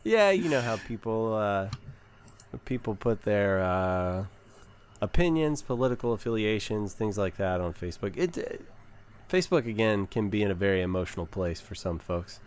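A man's voice: fairly low pitch, very animated, moderate pace, slight background noise. A man from Texas with a Southern accent, hosting a casual podcast chat in a joking, easygoing way. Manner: joking, easygoing, reads ads loosely. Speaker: podcast host.

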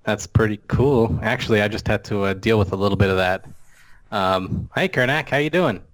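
A man with a fairly low voice chats on a tech podcast. He is easygoing and laughs often as he talks. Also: normal speed. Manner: chatty, laughs easily. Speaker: podcast co-host. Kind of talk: casual tech chat.

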